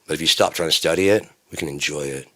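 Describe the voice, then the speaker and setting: A man's voice: extremely low pitch, fast talker, bright, forceful tone. A man delivering a rambling, profane, stream-of-consciousness monologue that drifts between philosophy and gripes about neighbors.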